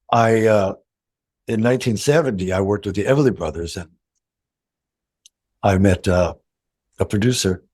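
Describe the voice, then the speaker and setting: Older male guest, low-ish voice, animated anecdotal delivery. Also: husky. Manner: animated anecdotes, acts out quoted dialogue, laughs often. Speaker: session guitarist, interview guest. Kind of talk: storytelling interview.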